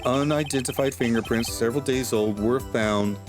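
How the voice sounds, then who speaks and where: A man's voice: medium pitch, moderate pace, music in the background. A man voicing an older purple monster puppet who is emotional and easily flustered, giving casual commentary as he plays a game and reads its text aloud. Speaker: let's play host.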